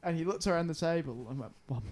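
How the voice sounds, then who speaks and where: A man's voice: on the high side, lively intonation, fast talker, a little mellow, slight background noise. A young man telling a long anecdote on a podcast, rambling, swearing and laughing. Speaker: podcast co-host. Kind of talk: casual chat, storytelling.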